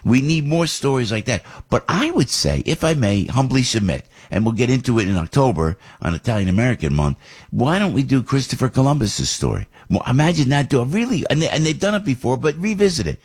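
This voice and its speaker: A middle-aged man, talking as a radio host in a rambling monologue full of fillers, restarts and excited asides. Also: mid-range voice, brisk, slightly rough.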